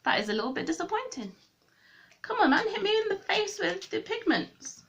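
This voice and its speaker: A woman's voice: very high voice, big pitch swings, moderate pace, fairly bright tone. A woman chatting through a makeup tutorial, thinking aloud and correcting herself as she goes. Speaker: beauty vlogger.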